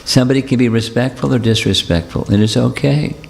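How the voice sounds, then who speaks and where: A man giving a devotional talk and answering questions, speaking in a gentle, repetitive, reassuring way. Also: medium pitch, brisk, creaky, slight background noise. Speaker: spiritual teacher. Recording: long hall reverb.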